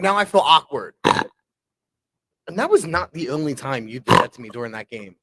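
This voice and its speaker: A young man co-hosting a casual sports podcast, gruff and exasperated, swearing casually. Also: fairly high pitch, lively intonation, a little fast, background noise. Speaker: podcast co-host.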